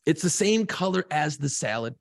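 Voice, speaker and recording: A man's voice: a little high, lively intonation, normal speed, dry recording, studio quality. A man co-hosting a casual podcast, swearing freely and rambling through a long story about home life. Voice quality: gravelly. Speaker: podcast co-host.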